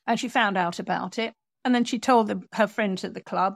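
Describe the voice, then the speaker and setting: A woman author telling an animated story in an interview, acting out the people she quotes. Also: medium pitch, a little fast, creaky, no echo. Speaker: author and guest.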